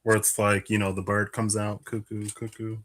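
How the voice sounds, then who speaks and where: A man with a fairly low voice gives a relaxed, casual card reading, thinking out loud as he lays out the cards. He pads his talk with fillers and soft chuckles and sounds a little out of breath. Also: normal speed. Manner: musing aloud, many fillers and little laughs. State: a bit out of breath. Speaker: tarot and Lenormand card reader.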